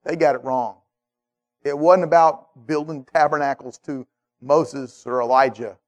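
A male preacher delivers a sermon in a lively, conversational style. He keeps checking in with his listeners. His voice sits high for a man. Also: measured pace. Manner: animated, conversational, checks in with "okay?".

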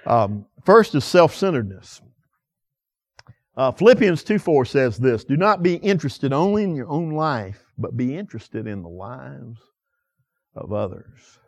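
A man preaching a sermon with passion, asking the listeners many direct questions and swinging from loud emphasis to quiet asides. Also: mid-range voice, sing-song, a little slow, dry recording, clean studio sound. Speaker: pastor.

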